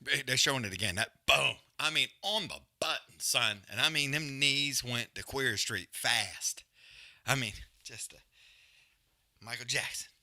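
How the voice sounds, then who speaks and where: A man's voice: mid-range voice, unhurried, pushed and bright. A man hosting a live fight watch-along, breaking down the action in loose, profane, slangy commentary.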